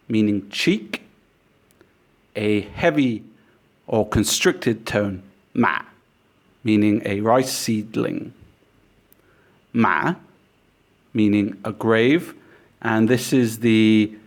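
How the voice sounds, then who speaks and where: A man teaching a pronunciation lesson, explaining patiently and modelling sounds slowly. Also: medium pitch. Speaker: language teacher.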